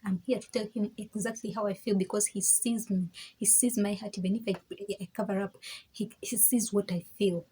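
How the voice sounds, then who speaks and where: A woman speaks frankly in a personal testimony, with a very husky, breathy voice and a mellow, warm tone. She talks in emphatic bursts, repeats words and restarts her sentences, and laughs between points. Her pitch sits in the middle range. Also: steady tone, a little fast, poor audio. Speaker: vlogger sharing her faith testimony.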